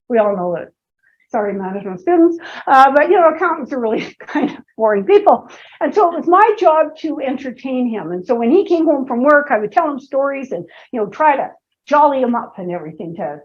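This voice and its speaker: A woman presenting a seminar talk, telling playful personal stories with asides to the audience. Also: on the high side. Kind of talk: humorous storytelling seminar talk. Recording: dull lo-fi lecture recording.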